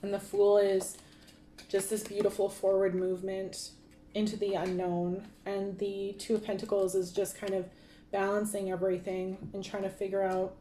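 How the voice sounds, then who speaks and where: A woman's voice: mid-range voice, flat delivery, normal speed, mellow, reverberant, a little hiss or hum. A woman giving a casual tarot card reading, talking in a rambling way with many fillers and restarts. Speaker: tarot reader.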